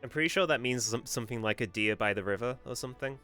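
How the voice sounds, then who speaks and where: A man's voice: mid-range voice, fast, pushed and bright, smooth. A young man chatting sarcastically while streaming a game, with faint music behind. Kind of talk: casual gaming commentary.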